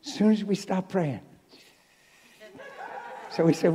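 High-voiced preacher in a reverberant church. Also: male voice, slow, a little hiss or hum. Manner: animated, swings from hushed to shouting. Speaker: traveling preacher. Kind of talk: sermon with storytelling. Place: church sanctuary. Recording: live church hall reverb.

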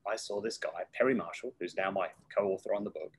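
A middle-aged man, a guest in an interview, telling stories from his career in a lively way and acting out the voices of people he quotes. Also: sits low, fairly quick, slight background noise, rough recording. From United Kingdom. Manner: lively storyteller who acts out quoted voices. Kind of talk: casual interview storytelling.

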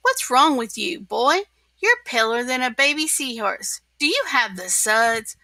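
A woman's voice: a little high, very animated, measured pace, bright, forceful tone, no room sound, heavily acted. A woman reading a storybook aloud and voicing a bossy middle-aged male crab who runs a restaurant, barking orders.

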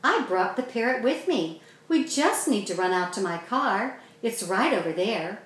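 A woman's voice: medium pitch, expressive, unhurried, close to an everyday voice. A woman reading as a cheerful, sweet-seeming woman stranger who coaxes children. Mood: coaxing. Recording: very echoey room.

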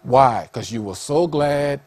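A man a sermon in an animated way, laughing often and rising to high excited calls. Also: slow pace, background noise. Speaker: preacher.

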